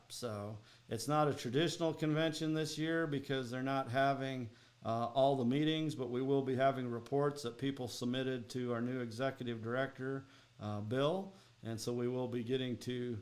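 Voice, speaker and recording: A man from Minnesota hosting a podcast and quiz, chatting in a rambling, friendly way with frequent laughs. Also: mid-range voice. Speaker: podcast host and quiz master. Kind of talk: casual chat.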